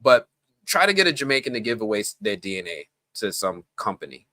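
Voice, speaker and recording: A man from the Bronx, New York, hosts a live stream, chatting casually in an animated way and wandering off on tangents. His voice is lowish and fairly quick, with no room sound.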